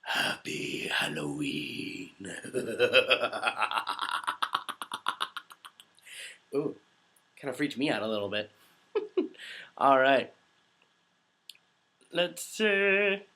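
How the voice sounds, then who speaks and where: A man's voice: fairly high pitch, sing-song, takes it slowly, pauses often, sharp tone. A man in his twenties, a voice actor, rambling through a casual Q&A with giggles and self-deprecating jokes, his voice a little under the weather. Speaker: voice actor hosting a Q&A. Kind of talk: casual livestream Q&A.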